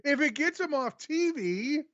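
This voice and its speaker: A man's voice: very high voice, lively intonation, a little slow, a bit bright, dry recording, dull audio. A man co-hosting a wrestling review, easily amused and laughing often as he teases his partner. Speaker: wrestling show co-host. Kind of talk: casual podcast banter.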